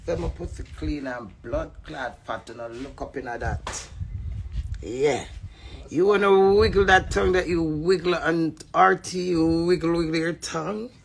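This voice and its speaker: A woman with a Jamaican accent ranting at a rival to camera, brash, profane and mocking, breaking into sudden loud cries. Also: low-pitched, unhurried, gravelly, slight background noise. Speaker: entertainer addressing a rival. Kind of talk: rambling taunting rant to camera.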